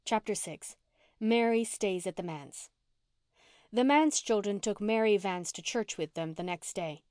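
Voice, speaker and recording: Brief: woman audiobook narrator, calm and even, mid pitch, dry close mic. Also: a little slow, clear, resonant tone, no room sound. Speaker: audiobook reader. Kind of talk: audiobook narration of a classic novel.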